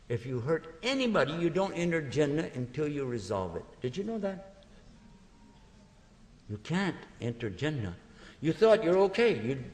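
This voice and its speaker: A man giving a religious lecture to an audience, telling stories in a lively way and acting out small dialogues. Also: mid-range voice. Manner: animated storytelling, acting out little dialogues. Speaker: Islamic lecturer. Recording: long hall reverb.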